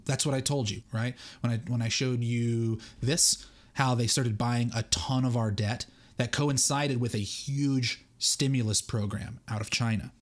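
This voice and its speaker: Male livestream host, mid-pitched, analytical commentary with read-aloud passages. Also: fairly even intonation, a little slow. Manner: analytical, explains and reads passages with asides. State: has the hiccups. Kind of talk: solo livestream commentary, reading book excerpts aloud.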